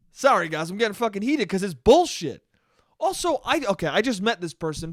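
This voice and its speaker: A man's voice: sits high, lively intonation, moderate pace, no echo, studio quality. A young man hosting his own podcast, talking in a heated, profane and emphatic rant. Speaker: podcast host.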